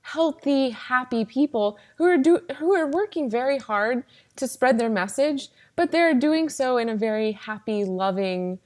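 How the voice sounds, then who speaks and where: Woman, podcast host, upbeat, chatty, slightly high voice. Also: animated, a little slow, few pauses, a little mellow. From northeast Florida, US. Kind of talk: casual podcast interview.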